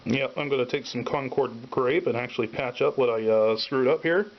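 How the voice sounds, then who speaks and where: A man hosting a casual miniature painting tutorial, talking in a relaxed way while he works and sometimes trailing off mid-thought. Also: medium pitch, brisk. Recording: dull lo-fi sound with faint hiss.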